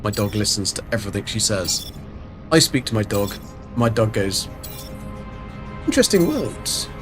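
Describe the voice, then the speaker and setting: A man's voice: fairly low pitch, fairly even intonation, moderate pace, over music. A man chatting casually and rambling through a live game stream. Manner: chatty, rambling, self-mocking.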